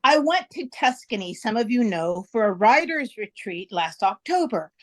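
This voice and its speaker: A woman's voice: fairly high pitch, sing-song, moderate pace. A woman hosting her own podcast, chatty and laughing often as she tells a story, with frequent restarts. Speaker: podcast host. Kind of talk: casual podcast introduction.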